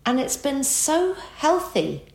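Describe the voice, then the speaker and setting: A woman's voice: high voice, slow, vocal fry. A woman, a guest telling a personal story in conversation and acting out the lines people said to her. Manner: expressive, acts out remembered dialogue. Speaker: interview guest. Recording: roomy echo.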